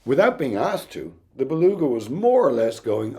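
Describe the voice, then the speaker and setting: A middle-aged man giving a recorded university lecture in an explanatory, thoughtful way, pausing now and then with "um". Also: medium pitch, big pitch swings, a little mellow. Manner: explanatory, thoughtful, with occasional ums and restarts.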